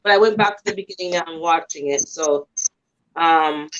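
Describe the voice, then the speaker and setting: A woman's voice: deep voice, moderate pace. A woman chatting casually on a livestream, greeting viewers as she talks. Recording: dull lo-fi stream audio.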